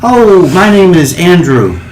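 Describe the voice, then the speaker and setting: A man's voice: high voice, slow, pitched above the performer's own voice, exaggerated voice. Man doing a chatty nine-year-old noble kid, rambly and eager; roomy recording. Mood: cheerful. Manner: excited, rambling, stumbles over words. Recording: echoey room, faint hiss.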